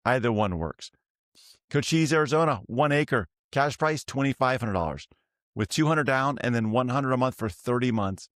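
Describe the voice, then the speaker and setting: A man's voice: medium pitch, animated, normal speed, a bit bright, no echo. Male host, middle-aged, casual sales talk, jokey asides, dry close sound. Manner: chatty, jokey storytelling between listings. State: tired.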